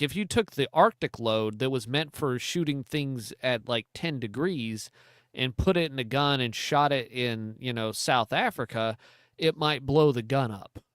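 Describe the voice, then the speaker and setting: A man's voice: mid-range voice, a bit bright, no room sound, clean studio sound. A man co-hosting a hunting podcast, explaining cartridges in detail and reading the show's sign-off in a casual chat. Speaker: podcast co-host.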